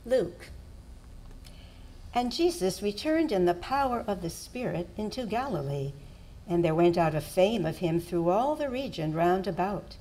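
A woman reading Bible passages aloud at a church service, slow and measured. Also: on the low side, sing-song, warm tone, low-quality recording.

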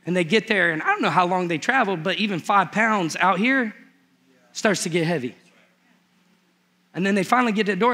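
Male pastor, high voice, animated comic storytelling in a church sermon. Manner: animated storytelling, acts out the characters with humor.

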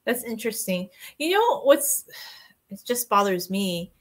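A soft-spoken woman in casual conversation, chatty and agreeable. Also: medium pitch, very animated, measured pace. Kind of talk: casual chat.

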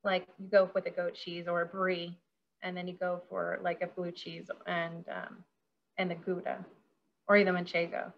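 A woman's voice: lowish voice, completely flat delivery, moderate pace, vocal fry, lo-fi sound, a little hiss or hum. A woman caterer leading a casual hands-on workshop over a video call, bubbly and chatty, giggling often.

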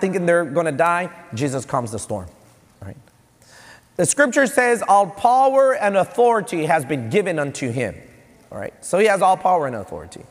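Texan pastor preaching in a reverberant church. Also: male voice, high voice. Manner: animated preaching, rising to emphatic peaks. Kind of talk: sermon. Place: church hall.

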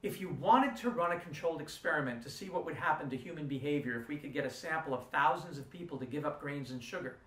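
A man lecturing earnestly, weaving a personal story into an argument and posing rhetorical questions. His voice sits a bit high for a man. The sound is roomy and picked up from some distance. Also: expressive, fast, hardly any pauses, a bit bright. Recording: roomy room, distant mic.

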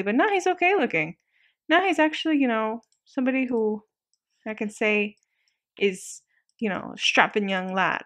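A woman giving casual let's-play game commentary, chatty and excitable, quick to laugh. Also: a little high.

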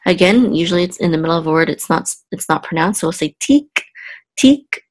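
A woman's voice: fairly low pitch, animated, fairly quick. A woman teaching Biblical Hebrew word by word in a patient, self-correcting way, sounding out each letter and vowel. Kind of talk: slow word-by-word reading lesson.

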